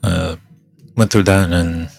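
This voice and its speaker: Gravelly low-voiced man, congested and halting. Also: fairly even intonation, darkish tone, faint music behind. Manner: halting, trailing off, thinking aloud. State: congested, hoarse from a cold. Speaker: podcast host. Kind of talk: rambling casual chat.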